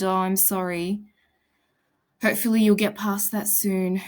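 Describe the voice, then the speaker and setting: A woman's voice: medium pitch, little pitch movement, unhurried. Chatty Australian woman hosting a webinar. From Sydney, Australia. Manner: chatty, greets viewers by name, fillers like "sort of" and "um". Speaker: webinar presenter, provisional psychologist. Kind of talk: informal live webinar talk.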